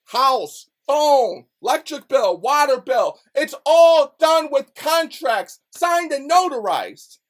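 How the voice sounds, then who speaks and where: Guy ranting angry into the camera, loud and cussing, voice jumping up and down in pitch. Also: very animated, slow pace, hardly any pauses. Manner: loud, profane, heated, repetitive. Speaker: rapper and vlogger. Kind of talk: angry profane rant.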